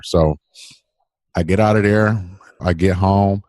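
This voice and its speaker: A man, telling his story as a podcast guest in a lively, laughing way. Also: low-pitched, slow pace, pauses often, no echo, clean studio sound. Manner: animated, laughing, acts out quoted voices. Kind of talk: casual storytelling.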